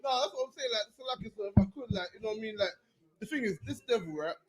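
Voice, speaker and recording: A man co-hosting a heated commentary, who agrees loudly and talks about devils like a preacher. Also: sits high, animated, rapid-fire, a crowd in the background, rough recording. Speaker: co-host.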